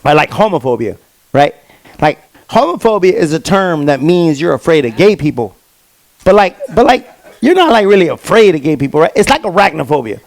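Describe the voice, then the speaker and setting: A man doing a stand-up comedy set on stage, telling stories with lively quoted voices. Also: fairly high pitch, brisk, creaky, no room sound. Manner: animated storytelling with quoted voices. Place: comedy stage before a live audience.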